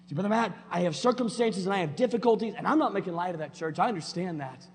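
A man preaching a sermon in a church, folksy and plainspoken, swinging between loud emphatic declarations and quiet conversational asides. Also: high-pitched, animated, fast talker. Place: church sanctuary. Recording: long hall reverb with faint hum.

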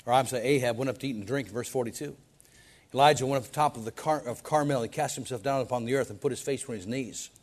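A pastor preaching a sermon, reading Bible verses dramatically with folksy asides in between. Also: male voice, quick pace. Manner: dramatic Bible reading with wide swings in loudness and pitch.

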